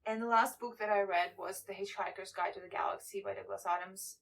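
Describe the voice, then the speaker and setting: A woman's voice: medium pitch, fairly even intonation, fairly quick, gravelly, slight background noise. Chatty apologetic young woman book vlogger. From Ukraine. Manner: chatty, apologetic, many fillers and restarts. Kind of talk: casual reading wrap-up.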